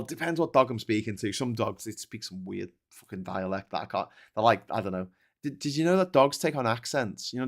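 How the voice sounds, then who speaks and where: A man hosting a livestream, chatting casually about politics and reading viewer comments, swearing often and restarting his sentences. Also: on the low side. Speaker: livestream host reading chat. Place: at home with a dog.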